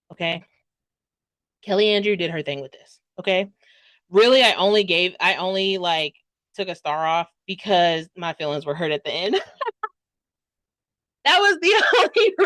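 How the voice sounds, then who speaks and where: A woman's voice: medium pitch, expressive, normal speed, a bit bright, no room sound. A young woman giving a casual, dramatic book review, full of fillers and rambling asides. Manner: gushing, dramatic, heavy filler "like".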